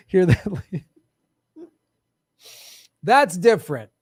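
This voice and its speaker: A comedian host fields live chat in a casual, sarcastic, joking way, swearing and laughing often into a studio microphone. His male voice sits high and sounds a little mellow and slightly rough, with no echo.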